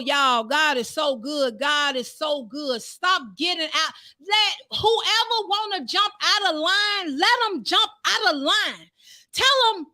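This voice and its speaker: Woman preacher, sermon, very high voice, fervent shouted praise, repetitive.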